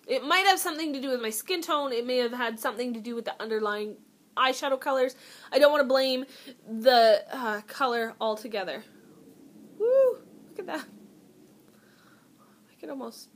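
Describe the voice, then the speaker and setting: A woman's voice: sits high, pushed and bright. A young woman beauty vlogger chatting to camera at home, telling a self-mocking story with lots of giggles and dramatic asides. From Canada. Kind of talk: casual haul storytelling to camera.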